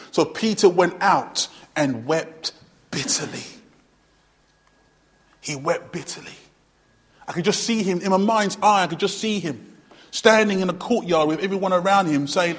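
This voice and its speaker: A man preaching a sermon earnestly, repeating phrases for emphasis and swinging between loud and hushed delivery. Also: fairly high pitch, unhurried, long pauses, breathy edge. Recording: long hall reverb.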